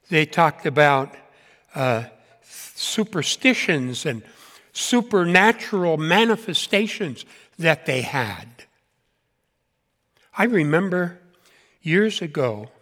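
A man's voice: on the high side, a bit bright. A man in his seventies preaching a sermon in an earnest manner and repeating key points for emphasis. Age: 70s. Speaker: pastor. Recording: long hall reverb.

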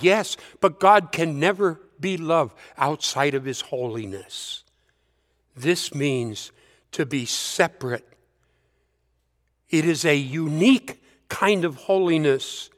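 A man preaching a sermon. He builds up emphatic lists and drops to hushed, repeated words. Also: on the high side, long reverb tail. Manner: slow, rising to emphatic lists, dropping to hushed repetition.

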